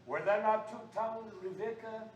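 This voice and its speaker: A man preaching a sermon with call-and-response, swinging from low talk to shouting. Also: moderate pace, highs cut off. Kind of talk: fiery sermon. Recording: echoey room, far from the mic, faint noise.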